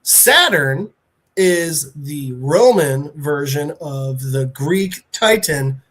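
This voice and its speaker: A podcast host, a man, casually retelling a comic in an animated, rambling way with fillers. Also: on the high side, drawn-out words.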